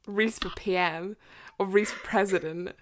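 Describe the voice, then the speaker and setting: A woman with an English accent co-hosting a podcast in casual chat, animated and giggly, with many "like" fillers. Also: medium pitch, measured pace. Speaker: podcast co-host.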